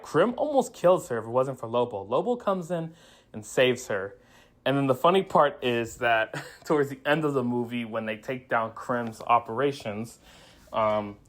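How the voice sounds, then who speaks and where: A man giving a casual spoiler review of a movie, rambling through the plot with frequent restarts and acting out quoted lines. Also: medium pitch. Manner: laughs and acts out quoted lines.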